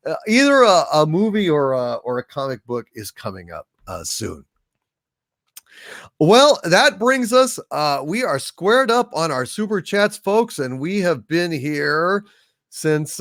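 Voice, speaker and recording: A man's voice: a little high, a bit bright, dry recording, studio quality. A man hosting a casual livestream, reading out viewer donations and rambling with frequent "uh" fillers. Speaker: livestream host.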